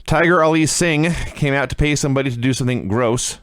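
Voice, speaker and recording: A man co-hosts a casual podcast and recaps events with sarcastic, animated commentary. His voice sits at a middle pitch. The sound is dry and close, with no room echo. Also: brisk, clear, resonant tone. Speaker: podcast co-host reviewing wrestling.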